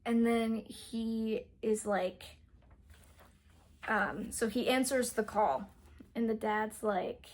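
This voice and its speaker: A woman's voice: fairly high pitch, fairly even intonation, takes it slowly, long pauses. A young adult woman casually recapping a novel's plot as a book reviewer, rambling and saying "like" constantly. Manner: rambling, heavy use of "like".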